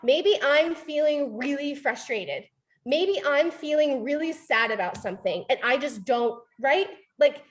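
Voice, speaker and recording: High-voiced woman coaching a training group. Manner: animated, acts out quoted voices, frequent "right?". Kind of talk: motivational training talk.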